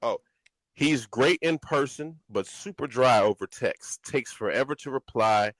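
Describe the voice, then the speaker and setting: A man's voice: mid-range voice, animated, a little slow, fairly bright tone, no echo, poor audio. A man hosting a podcast in casual chat, playful as he leads a game of set scenarios. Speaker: podcast host.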